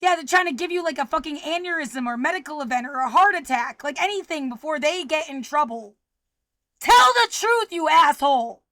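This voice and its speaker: A high-pitched woman in an upset, frightened state, ranting with constant swearing. She drops to low mutters and then bursts out loud. The sound is dry and close. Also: quick pace, hardly any pauses, dry recording. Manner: swearing, shifting between muttering and shouting. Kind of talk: agitated personal video rant.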